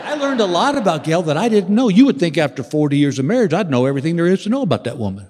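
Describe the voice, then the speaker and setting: On a large theater stage, a man in his sixties does a stand-up comedy set as a drawling storyteller building to exasperated punchlines. His fairly high, a little mellow voice is very animated and very fast. The hall is reverberant with faint ambience.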